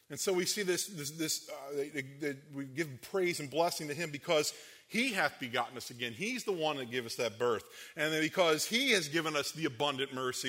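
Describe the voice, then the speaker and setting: A man preaching a sermon in a conversational way, full of fillers and restarts, who gets louder and higher when he acts out quoted speech. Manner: rises in pitch and volume when acting out quoted speech. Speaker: pastor.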